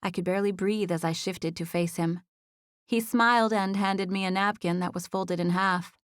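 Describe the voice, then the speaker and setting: A woman narrating a first-person romance audiobook in an even storytelling voice, recorded in a studio. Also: mid-range voice, moderate pace, no room sound.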